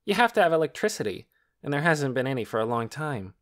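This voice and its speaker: A man's voice: fairly high pitch, big pitch swings, fast talker, a bit bright, voice pushed up. A man doing a smug know-it-all boy, Torin. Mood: lecturing. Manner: precise, teacherly, self-important. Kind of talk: audiobook character reading.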